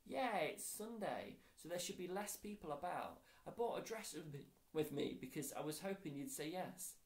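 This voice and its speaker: A man's voice: a little high, lively intonation, moderate pace, roomy sound, voice pushed up. A male teacher voicing Lisa, a cheerful, eager schoolgirl who talks in a bubbly, coaxing way.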